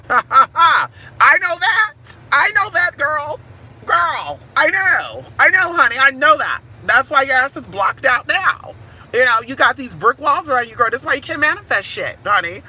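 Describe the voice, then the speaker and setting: Sassy, profane woman with a very bright voice. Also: high voice, lively intonation, brisk, breathy edge. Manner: sassy, profane, calls listeners honey and girl. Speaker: spiritual reader. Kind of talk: casual live-stream chat with viewers.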